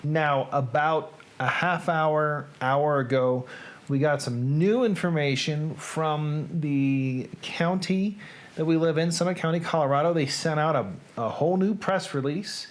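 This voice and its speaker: A man with a Southern US accent hosting a live reading stream, chatting casually and rambling with small self-corrections. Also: a little high. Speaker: host of a live reading show.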